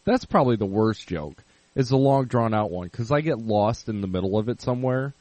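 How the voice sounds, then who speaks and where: A man's voice: mid-range voice, animated, brisk, dark tone, no echo, low-quality recording. A man co-hosting a casual podcast, telling a long prank story with plenty of swearing. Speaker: podcast co-host.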